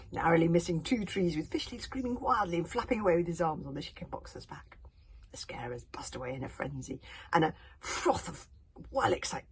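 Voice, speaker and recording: A woman reading a storybook aloud in a hushed whisper, breaking into chatty asides. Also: sits low, creaky. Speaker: narrator.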